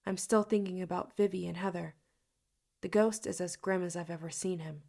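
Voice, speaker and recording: A woman's voice: lowish voice, steady tone, moderate pace, vocal fry, a little mellow. A woman narrating an audiobook in first person. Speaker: audiobook reader.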